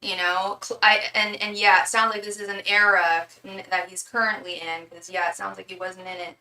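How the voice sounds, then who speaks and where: Chatty woman reading tarot, bright voice. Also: mid-range voice, flat delivery, fairly quick, reverberant, far from the mic, rough recording. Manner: chatty, with many fillers and restarts; calls the listener "girl". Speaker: tarot reader.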